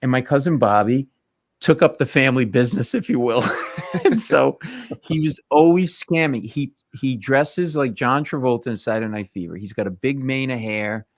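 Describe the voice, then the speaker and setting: A male comedian telling family stories on a talk show, animated and punchy, slipping into voices. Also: medium pitch, moderate pace, no room sound. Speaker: comedian guest. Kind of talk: comic storytelling.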